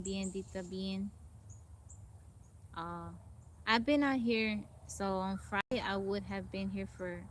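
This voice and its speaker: A livestream host chats away with her viewers from a forest, welcoming them by name and reading their comments aloud. Her voice is mid-range, and there's a little hiss or hum in the audio.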